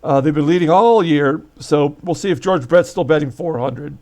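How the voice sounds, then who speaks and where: A man's voice: a little high, moderate pace, darkish tone. A man hosting a baseball season replay, giving casual commentary and recapping results while thinking aloud with fillers and self-corrections.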